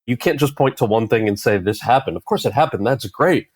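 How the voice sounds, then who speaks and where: A man in his forties, an actor guest in an interview, telling stories in a conversational way and acting out quoted lines with animated jumps in pitch. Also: fairly quick, husky, no echo. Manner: animated, acts out quoted voices with rising pitch.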